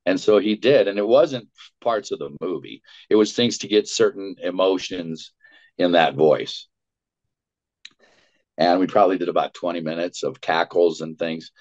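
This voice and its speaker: A man's voice: sits low, normal speed. An older man, a voice actor, telling an anecdote in an interview and acting out the lines he quotes. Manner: lively storyteller, acts out quotes and cackles. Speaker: voice actor guest. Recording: dull lo-fi sound.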